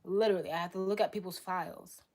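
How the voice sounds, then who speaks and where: A young woman hosting a live stream, arguing bluntly with her chat in rapid-fire retorts. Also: fairly low pitch, fairly even intonation, darkish tone. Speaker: livestream host.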